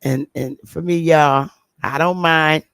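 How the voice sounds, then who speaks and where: A woman's voice: deep voice, steady tone, takes it slowly, fairly bright tone, clear, resonant tone, no echo. Middle-aged woman hosting a livestream, emphatic and repetitive, close and dry sound. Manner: emphatic, repeats points for stress. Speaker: livestream host. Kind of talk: livestream talk to viewers.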